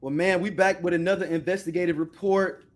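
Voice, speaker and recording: A man's voice: high voice, steady tone, a little fast. A man co-hosting a casual podcast, teasing and joking with his co-host.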